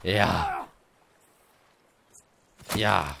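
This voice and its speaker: A man's voice: sits low, drawn-out words, gravelly, sharp tone, a little hiss or hum. A man streaming a survival game, chatting casually and reacting with jokes and dramatic outbursts. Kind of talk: casual gaming chat.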